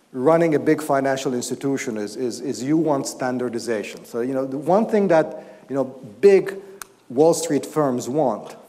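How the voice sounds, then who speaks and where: A man, an economics professor, giving an explanatory academic talk and answering questions, often pausing and restarting his sentences. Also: mid-range voice, warm tone, in a large hall. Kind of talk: academic lecture and Q&A. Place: lecture hall.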